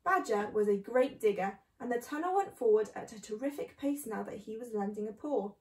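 A woman reading a children's book aloud in a clear, steady storytelling manner. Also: fairly high pitch, brisk, distant mic. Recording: echoey room.

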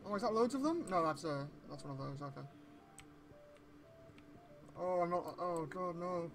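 A man giving gameplay commentary, excitable and swearing a lot, with sudden yelps when something scares him. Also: high voice, normal speed, pauses often, faint music behind. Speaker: let's play gamer.

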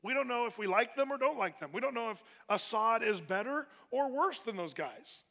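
A man's voice: extremely high pitch, expressive, normal speed, gravelly, sharp tone. A man preaching a sermon in a casual, conversational way, with plenty of fillers and restarts. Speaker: pastor. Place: church hall. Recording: echoey hall with long reverb.

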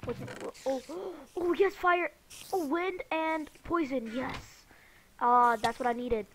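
A high-voiced woman narrating her own gameplay in an excitable, panicky way. She repeats the same words again and again and talks at an unhurried pace. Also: a little hiss or hum. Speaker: gamer. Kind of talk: let's play commentary.

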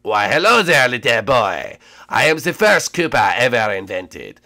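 A man voicing an old male turtle creature in a game role-play, low, slow and solemn. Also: sing-song, sharp tone, exaggerated voice.

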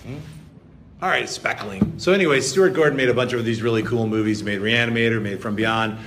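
Brief: male panel guest, mid-pitched everyday voice, excitable and profane, casual chat. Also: brisk, noisy background. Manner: enthusiastic, profane film buff who jokes freely. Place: convention stage panel.

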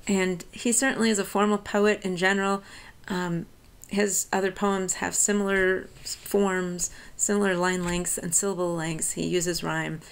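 An American woman, a college professor, reads a poem slowly and then explains it line by line in a relaxed, conversational lecture. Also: fairly low pitch, creaky, smooth. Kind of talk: lecture on a poem, reading lines aloud and explaining.

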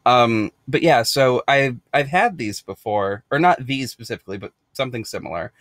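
American man, giggly rambling unboxing chat, medium pitch, dry close sound. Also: moderate pace, a bit bright, no room sound. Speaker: podcast host. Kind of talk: casual unboxing vlog.

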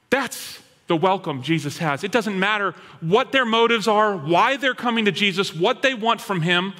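A male pastor preaching a sermon in an animated storytelling manner. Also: high-pitched, normal speed, hardly any pauses. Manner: animated storytelling, acting out quoted voices. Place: church hall. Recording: long hall reverb.

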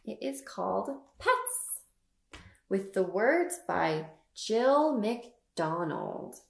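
A woman librarian leading a toddler story time, reading and talking in a slow, sing-song, animated way. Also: medium pitch, vocal fry, echoey room. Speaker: children's librarian.

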